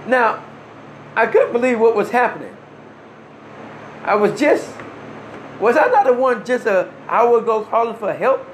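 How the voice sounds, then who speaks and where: A man's voice: extremely high pitch, animated, unhurried, long pauses, slight background noise. A man telling a first-person story in an earnest, emphatic way, with short restarts and wry laughs. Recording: roomy echo.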